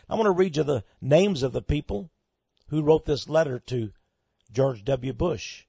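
A man's voice: a little high, normal speed, creaky, dark tone, husky, no echo, muffled recording. A man with a Texan accent hosting a radio talk show, delivering an emphatic, sarcastic monologue. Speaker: radio host.

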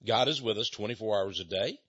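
An older man delivers a chatty, folksy sermon, breaking into laughter and acting out small exchanges with quoted voices. His fairly low voice is brisk and a bit bright, with a breathy edge and no echo. Sound quality is dull, dry and lo-fi.

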